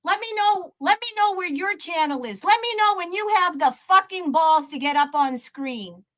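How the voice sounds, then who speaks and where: This livestream host has a very high-pitched, a bit bright voice with lively intonation at normal speed. She rants profanely at a troll, taunting him and laughing between jabs.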